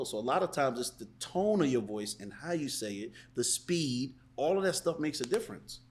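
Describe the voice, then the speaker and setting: A man in a mid-range voice talks as a guest on a casual podcast. He explains his sales tactics by voicing both the customer and the salesperson. His delivery is animated and conversational. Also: mid-range voice, normal speed, few pauses, slight background noise. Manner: animated, acts out sales calls in different voices. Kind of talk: casual interview chat.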